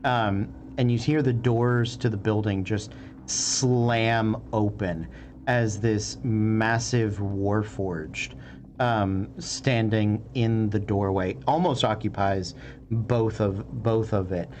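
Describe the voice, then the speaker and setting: Slow-talking male game master. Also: lowish voice, a little hiss or hum. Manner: relaxed, hesitant with many fillers. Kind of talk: narrating a tabletop game.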